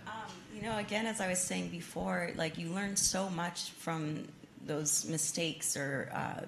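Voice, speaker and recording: A young woman with a notably low voice and a touch of vocal fry answers questions at a public event. She talks thoughtfully and earnestly, often pausing and restarting. Faint room noise sits behind her. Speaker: guest ballet dancer answering audience questions. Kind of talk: audience Q&A talk. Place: museum event space with an audience.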